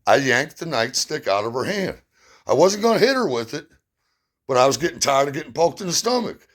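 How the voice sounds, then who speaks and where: A man's voice: medium pitch, big pitch swings, a little fast, fairly bright tone. A man telling personal stories in a blunt, plain-spoken way, with emphatic retelling. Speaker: storyteller. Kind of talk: personal storytelling.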